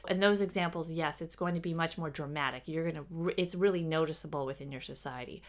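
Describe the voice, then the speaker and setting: A woman channeling spiritual teaching, speaking as a collective "we" in a measured, explanatory way. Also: sits low.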